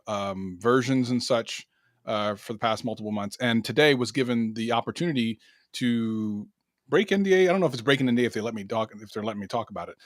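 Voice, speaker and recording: A man's voice: mid-range voice, no echo. A man co-hosting a casual podcast, talking in a chatty, rambling way with many fillers. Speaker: podcast co-host, arcade content creator.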